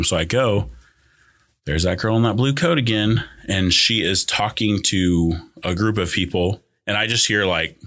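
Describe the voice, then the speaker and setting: A man's voice: low-pitched, normal speed, a bit bright. A young man telling a personal story in casual chat, rambling with many fillers and restarts. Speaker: guest.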